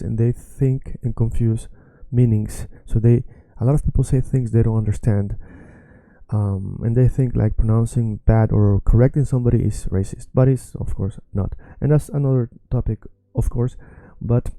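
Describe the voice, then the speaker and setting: A man teaching a language lesson, emphatic and repeating words slowly. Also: mid-range voice, warm tone, dry recording.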